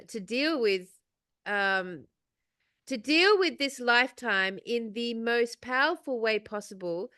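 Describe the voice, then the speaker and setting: A woman's voice: fairly high pitch, bright, forceful tone, clear, resonant tone, no room sound, studio quality. A middle-aged woman co-hosting a casual spiritual chat, rambling with many fillers and swearing freely. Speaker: podcast co-host.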